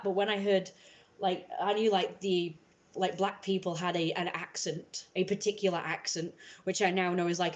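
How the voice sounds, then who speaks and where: A woman with an English accent chatting casually on a livestream, rambling and filling her talk with "like" and restarts. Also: lowish voice. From England. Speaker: livestream host. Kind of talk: casual live-stream chat.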